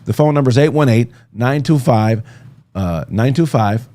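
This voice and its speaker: A man's voice: mid-range voice, moderate pace, mellow. A man hosting a casual podcast, talking loosely and joking as he reads out facts. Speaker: podcast host. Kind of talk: casual chat.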